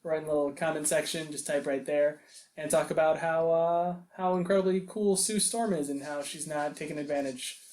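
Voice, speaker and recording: A man's voice: on the high side, steady tone, fairly quick, a little mellow. A man hosting a casual comic-book podcast, making dry, wry jokes. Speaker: podcast host. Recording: roomy echo.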